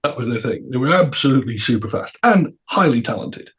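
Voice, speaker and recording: A middle-aged man, a podcast guest, telling anecdotes in an animated way with laughs and repeated words. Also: mid-range voice, fairly quick. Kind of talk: anecdotal storytelling.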